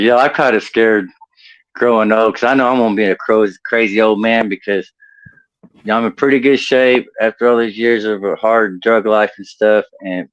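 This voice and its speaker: Rambling drawled man, low voice. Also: no room sound, dull audio. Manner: rambling, drawling, laughs at own jokes. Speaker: stand-up comedian. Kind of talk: storytelling stand-up set. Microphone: home computer mic on video call.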